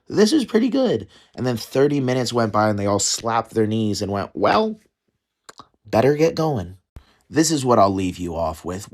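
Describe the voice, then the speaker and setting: A man giving a wry, self-deprecating comic monologue with deadpan asides. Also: medium pitch.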